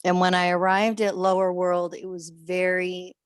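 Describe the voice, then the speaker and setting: A woman with a lowish voice talks over a video call, recounting an experience in a rambling, emotional way. She halts and restarts often. The sound is dry and close, with no room to it. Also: completely flat delivery, normal speed, clean tone, no room sound. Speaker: workshop participant.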